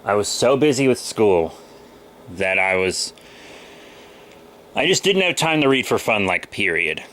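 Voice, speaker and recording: A young man with a bright, forceful voice talks casually through his comic haul. He is a little sick with a cold and rambles along with plenty of fillers. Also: lowish voice, very animated, measured pace, slight background noise. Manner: rambling, loose, with many fillers. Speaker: comic book vlogger. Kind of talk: casual haul video chat.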